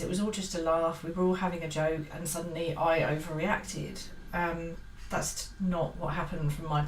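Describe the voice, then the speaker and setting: Earnest low-voiced woman in an echoey room. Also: far from the mic. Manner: hesitant, many fillers and restarts, earnest. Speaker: book vlogger. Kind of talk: casual book-review monologue. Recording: roomy echo, set back from the mic, faint hiss.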